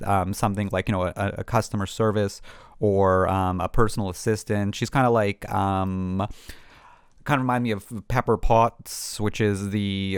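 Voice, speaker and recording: Male tutorial host with a lowish voice, chatty and unscripted, full of fillers, dry close sound. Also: clear, resonant tone, no echo. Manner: rambling, many ums and restarts. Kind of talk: casual screen-recorded tutorial.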